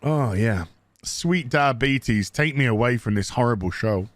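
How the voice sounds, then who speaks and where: A man's voice: mid-range voice, expressive, measured pace, dry recording. A man giving a crude, sarcastic, mocking recap of a TV episode as a show reviewer.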